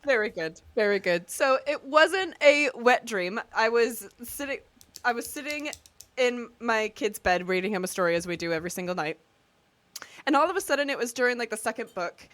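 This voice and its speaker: A woman's voice: on the high side, moderate pace. A woman co-hosting a podcast, telling stories in casual chat and laughing often as she talks. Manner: laughing storyteller, animated and expressive. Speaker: podcast co-host.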